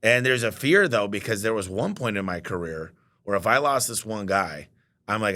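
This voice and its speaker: This man's voice sits lowish and moves at a moderate pace as he swaps business stories casually. A business owner on as a guest, he animatedly quotes what others told him, performing their lines in acted voices.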